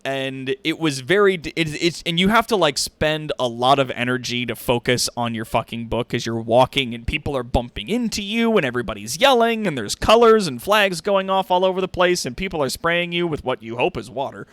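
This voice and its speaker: A man talking casually on a stream, swinging his pitch widely as he rants and swears freely. His voice sits a little high, and the recording is dry with no room sound. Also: a little fast, hardly any pauses, clean tone, no room sound. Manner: animated, rants with heavy swearing. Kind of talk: casual gaming stream chat.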